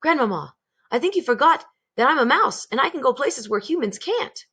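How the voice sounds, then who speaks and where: A woman's voice: sits high, lively intonation, fairly quick, pushed and bright, breathy edge, pitched above the performer's own voice, heavily acted. A woman reading aloud, voicing a clever young boy who speaks eagerly and earnestly.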